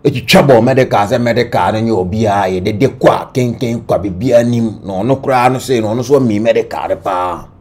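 A man with a Ghanaian accent giving animated entertainment-news commentary, switching between Twi and English. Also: on the low side, fast talker, few pauses. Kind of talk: gossip commentary.

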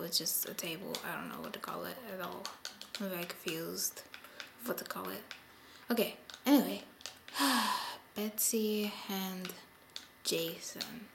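Slow-talking woman narrating her game. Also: mid-range voice, vocal fry, slight background noise. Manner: chatty, sighs often, talks to her game animals. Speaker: gameplay video host. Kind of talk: casual gameplay commentary.

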